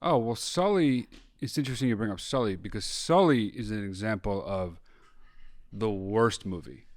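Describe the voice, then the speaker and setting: A man's voice: lowish voice, moderate pace, no echo. A man in his thirties co-hosting a podcast, opinionated and dryly teasing in casual chat. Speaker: podcast co-host.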